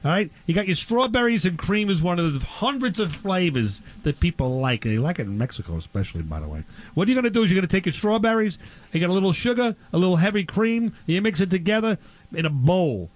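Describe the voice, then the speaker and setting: A boisterous man in a comedic barbecue bit who rambles and plays clueless. His voice sits a little high and swings widely. He talks in a quick, tumbling rush. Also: expressive, rough recording. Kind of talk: comedic improvised banter.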